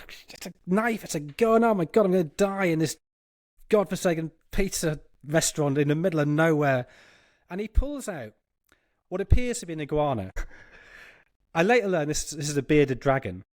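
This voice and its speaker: A man's voice: a little high, no echo, studio quality. A man on a football podcast, telling a long funny anecdote and laughing as he goes. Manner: animated, laughing as he tells a story. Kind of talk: anecdotal storytelling.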